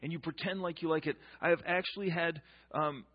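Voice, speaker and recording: Husky-voiced man preaching a sermon. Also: a little high, fairly even intonation, a little fast, muffled recording. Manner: emphatic, repeats key lines, joking asides. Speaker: pastor.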